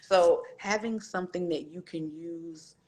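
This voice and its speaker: A woman's voice: lowish voice, unhurried, darkish tone. A woman in her forties, a guest author in a candid interview, telling her story with animation and acting out other people's voices.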